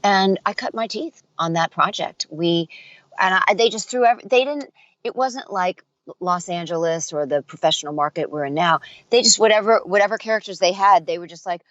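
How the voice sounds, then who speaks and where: Her voice sits lowish and moves briskly, captured with no echo but dull audio. This middle-aged voice actor and dialect coach animatedly recounts stories in a relaxed interview, performing the voices of the people she quotes.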